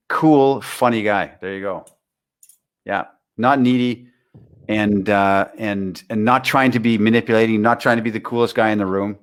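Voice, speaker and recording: Guy rambling thru an interview, lots of restarts, just telling stories. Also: mid-range voice. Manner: rambling, repeats words, tells anecdotes. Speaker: interview guest, dating author. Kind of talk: casual interview talk.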